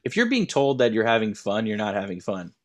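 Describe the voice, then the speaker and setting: A man's voice: lowish voice, sing-song, brisk. A young man co-hosting a podcast in casual chat, rambling with many restarts. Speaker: podcast co-host.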